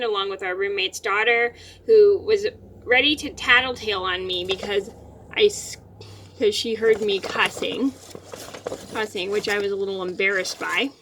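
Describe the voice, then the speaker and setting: A woman's voice: medium pitch, sharp tone. A young woman telling a home story to her camera from her bedroom, rambling and often repeating and restarting her words. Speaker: vlogger.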